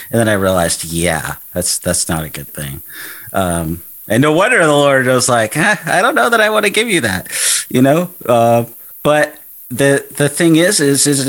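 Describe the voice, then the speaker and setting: A man's voice: low-pitched, a bit bright. A man hosting a faith conversation, speaking earnestly with frequent restarts and repeated words. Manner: earnest, halting with many restarts. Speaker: podcast host.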